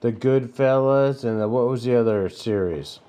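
A man's voice: mid-range voice, normal speed, dark tone, clean tone. A man co-hosting a casual movie chat, joking and cursing, acting playfully confused.

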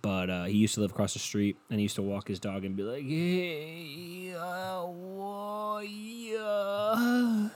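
A man's voice: lowish voice, little pitch movement, fast, few pauses, a little mellow. A young man hosting a solo podcast into a cheap desk mic at home, rambling in a crude, self-mocking way with lots of swearing. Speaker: podcast host. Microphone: cheap desk mic, headphones.

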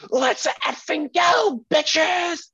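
A man's voice: medium pitch, flat delivery, fast, fairly bright tone, close to an everyday voice. A man voicing a rowdy, hulking male rock fan in a headband who hollers and then apologizes sheepishly, on muffled podcast audio. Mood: hyped shouting.

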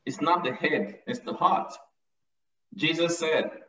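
Preaching a sermon, a man with a rather high, pushed and bright voice speaks slowly and emphatically, often repeating lines to drive them home. The recording sounds echoey, distant and dull.

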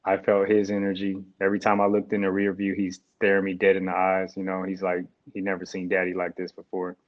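A young man, a guest, telling an emotional personal story in a halting, reflective way with restarts. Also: low voice, monotone. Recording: dull lo-fi sound.

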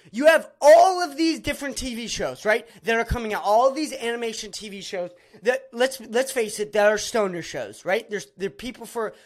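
A man hosting a podcast, ranting angrily with heavy swearing, shouting at times and then sinking into low, bitter grumbling. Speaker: podcast host. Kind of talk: angry podcast rant.

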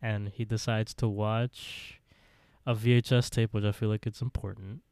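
A man's voice: lowish voice, level tone, normal speed, darkish tone, no room sound, studio quality. A man co-hosting a podcast, casually retelling scenes with frequent laughs and quoted dialogue. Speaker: podcast co-host. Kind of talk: casual recap chat.

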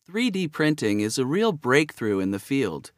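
A man reading vocabulary example sentences for a lesson, clear and explanatory. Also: medium pitch, sing-song, moderate pace, no room sound, clean studio sound.

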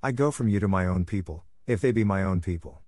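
A man's voice: low-pitched, quick pace, darkish tone, dry recording, close to an everyday voice. A man voicing a fierce, defiant boy raised by wolves in a storybook reading, commanding in manner.

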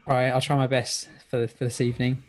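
A man's voice: mid-range voice, flat delivery, fast talker, a little hiss or hum. A man appearing as a polite, modest guest on a casual podcast over a video call. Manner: polite, modest, good-humoured.

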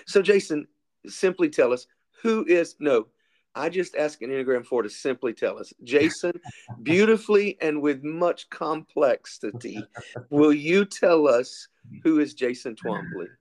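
A man's voice: a little high, lively intonation, a little slow, a little mellow. A man co-hosting a podcast who interviews his partner in an upbeat, chatty way. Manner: upbeat, chatty, laughs easily.

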